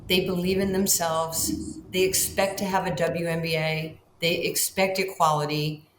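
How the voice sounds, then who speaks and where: An older woman tells stories in an interview, her voice sitting fairly low. She acts out quoted lines with big swings in pitch. The sound carries an echoey room with faint ambient hiss. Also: flat delivery, a little slow. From Far Rockaway, Queens, New York. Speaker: guest, basketball Hall of Famer. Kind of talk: storytelling in a podcast interview.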